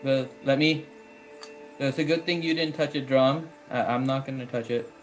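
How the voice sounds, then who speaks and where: A man's voice: medium pitch, steady tone, moderate pace, faint music behind. Hesitant male player. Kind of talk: tabletop game chat.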